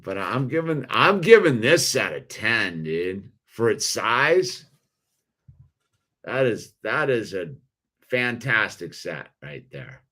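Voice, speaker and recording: A laid-back man hosting a toy-building video, his voice sitting on the low side. He talks slowly and loosely in slangy casual commentary, peppering it with dude and man. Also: very animated, sharp tone.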